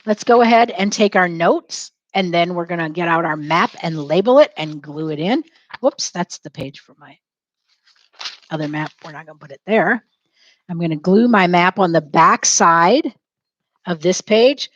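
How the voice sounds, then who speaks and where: A woman with a lowish voice, speaking at a moderate pace, leads a lesson by dictating notes, having students repeat each phrase, and spelling words aloud. She's lively and chats to herself as she works. The audio is dull, with no room sound.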